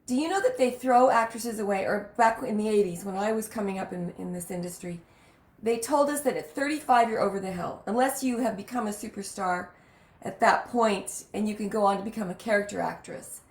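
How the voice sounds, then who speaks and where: A woman's voice: mid-range voice, a little fast, reverberant. A woman podcast host chatting casually and telling stories emphatically. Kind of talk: casual chat.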